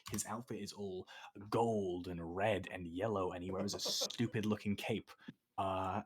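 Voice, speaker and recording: A man's voice: deep voice, fairly even intonation, moderate pace, crowd noise. A man playing a tabletop role-playing game, describing and voicing his character in a rambling, self-deprecating comic way. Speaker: player.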